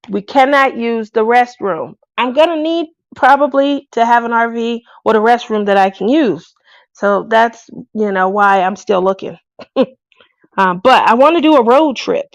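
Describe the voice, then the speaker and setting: A chatty woman host talks to her craft viewers in a casual, laughing way. Her voice sits a little high with a gravelly edge. The sound is dry and close. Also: no room sound. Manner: chatty, laughs often, lively asides.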